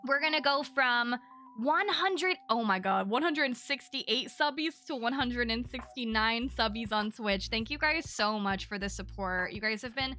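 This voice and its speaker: A bubbly young woman chats with her live-stream audience while she plays. Her voice sits a little high and sounds bright and crisp. Soft music plays behind her. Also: a little slow. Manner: bubbly, chatty, thanking chat and giggling. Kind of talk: casual live-stream chat while gaming.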